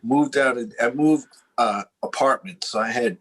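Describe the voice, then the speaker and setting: Husky man in his forties telling stories. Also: mid-range voice, moderate pace, low-quality recording. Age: 40s. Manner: animated storyteller, jokes. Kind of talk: casual chat.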